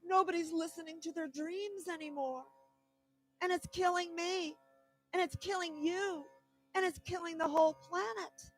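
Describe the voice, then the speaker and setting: A woman's voice: fairly even intonation, moderate pace, faint music behind. A woman putting on a dying spider spirit, sobbing in a thin, strained voice raised well above her own. It pleads in sorrow, the wail wavering as though heard from a little further off. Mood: mournful. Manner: crying, high wailing.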